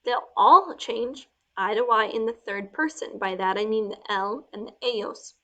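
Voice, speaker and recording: A woman teaching Spanish verb forms step by step while writing them out, talking through each change slowly and sometimes dropping to a soft murmur as she writes. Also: fairly high pitch, dull audio. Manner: slow, step-by-step explaining. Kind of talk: explaining grammar while writing.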